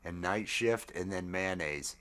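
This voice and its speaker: A man in his fifties hosting a casual chat, rambling with halting fillers and frequent laughs. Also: sits low, pushed and bright, clear, resonant tone. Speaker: podcast host.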